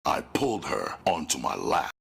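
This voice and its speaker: A man reading a gritty first-person novel aloud as an audiobook narrator, with a slow, menacing delivery. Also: extremely low pitch, wildly swooping pitch, vocal fry, fairly bright tone, breathy edge.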